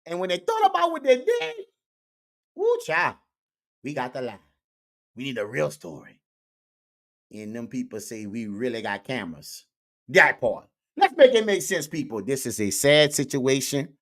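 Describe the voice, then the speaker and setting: A man's voice: medium pitch, very animated, normal speed, pauses often, fairly bright tone. A man doing comedic social media commentary in a preachy way, repeating catchphrases to his viewers. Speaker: online commentator.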